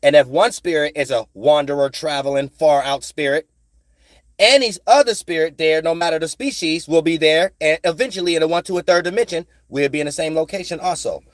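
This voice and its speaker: Profane, rambling man with a higher voice. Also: fairly quick, no room sound. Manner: profane, streetwise, keeps asking "you know what I'm saying"; repeats phrases in sing-song bursts. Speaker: spiritual vlogger. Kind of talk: rambling spiritual monologue.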